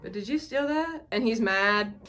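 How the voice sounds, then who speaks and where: A woman's voice: fairly high pitch, expressive, normal speed, a bit bright, a little hiss or hum. A woman vlogger recapping an episode in a rambling, casual way, swearing and acting out the characters' lines.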